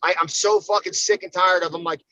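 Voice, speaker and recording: A man's voice: sits high, fairly even intonation, brisk, pushed and bright, no room sound, poor audio. An American man, a fighter guest on a podcast, talking in a profane, emphatic, fired-up way in casual chat.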